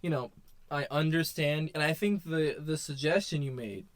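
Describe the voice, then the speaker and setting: A man co-hosting a casual sports podcast, talking in a measured way full of you know and right. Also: on the high side, no room sound. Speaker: podcast co-host.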